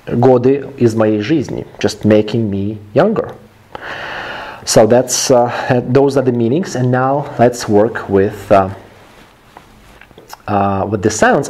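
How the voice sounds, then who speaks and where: A man's voice: medium pitch, a little mellow, husky. A male English teacher whose first language is Russian, explaining phrases in simple words during a lesson.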